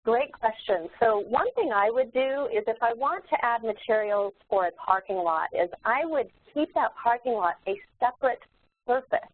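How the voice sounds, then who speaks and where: A woman instructor demonstrating software in a live webinar, explaining steps in a relaxed way with many fillers and restarts. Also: on the high side, moderate pace. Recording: tinny phone-like webinar audio.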